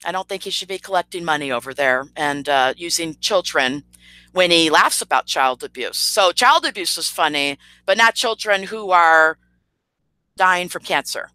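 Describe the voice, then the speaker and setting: A woman rants on her livestream with a bright, edgy voice, full of sarcasm and indignation. She hesitates often with "um" and "you know." The recording is dry and close. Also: on the low side, expressive, normal speed, no echo, low-quality recording. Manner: sarcastic and indignant, with frequent fillers. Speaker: channel host. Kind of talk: livestream commentary rant.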